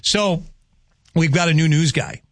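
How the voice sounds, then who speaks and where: A man's voice: on the high side, unhurried, no room sound. A man hosting a morning radio show, chatting casually and rambling through the weather. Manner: folksy, rambling, chuckling asides. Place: radio studio. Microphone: studio microphone.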